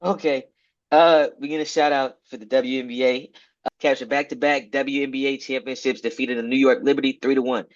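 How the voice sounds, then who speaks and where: A man's voice: mid-range voice, steady tone, fairly quick, lo-fi sound. A man co-hosting a casual sports talk show, mostly asking short questions. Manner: brief, prompting questions. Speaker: co-host.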